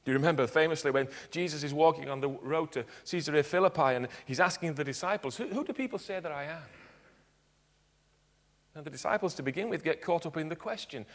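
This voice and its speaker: A man preaching a sermon in church, earnest, dropping to quiet emphatic points. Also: on the high side, lively intonation, a little fast. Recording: long hall reverb.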